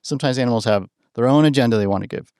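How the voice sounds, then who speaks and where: A man guest on a podcast, telling stories in a casual, animated way, often asking "right?" and restarting his phrases. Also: mid-range voice, racing, smooth, no room sound, clean studio sound. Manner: animated, acts out quoted voices, keeps adding "right?"; restarts and repeats words while thinking aloud. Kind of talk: casual storytelling in conversation.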